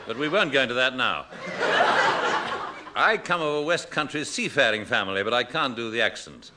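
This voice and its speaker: A man hosting and narrating a radio comedy show with droll, deadpan wordplay. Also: mid-range voice, moderate pace, heavy background noise.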